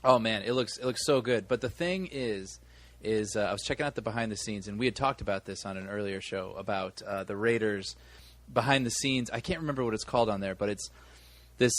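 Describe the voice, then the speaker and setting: A man's voice: on the low side, fairly quick, a bit bright. Rambling male podcast co-host. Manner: rambling storyteller, many restarts. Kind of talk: casual chat.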